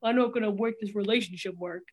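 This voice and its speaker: A woman's voice: medium pitch, fast, darkish tone, natural voice. A woman putting on a pushy meathead gym-bro man, blunt and demanding, not far from her own voice.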